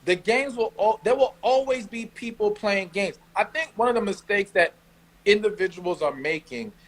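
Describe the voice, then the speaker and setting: New York man, high voice; co-host giving blunt, emphatic relationship advice. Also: animated, moderate pace, rough recording. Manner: blunt, emphatic, street slang. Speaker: podcast co-host. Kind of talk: casual advice chat.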